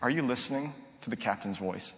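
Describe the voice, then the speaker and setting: A middle-aged male pastor tells a story from the pulpit in an earnest, conversational way, often restarting his phrases. His voice sits at an ordinary middle pitch. The sound carries the long reverb of a large church hall. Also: fairly quick. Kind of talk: sermon storytelling.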